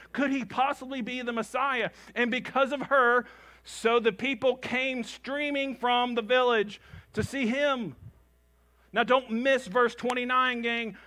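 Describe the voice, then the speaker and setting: A pastor preaching with a high, bright voice. He is animated and drives his points home by repeating short phrases. He also acts out the people in his stories. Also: unhurried. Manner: calls the congregation "gang". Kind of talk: sermon.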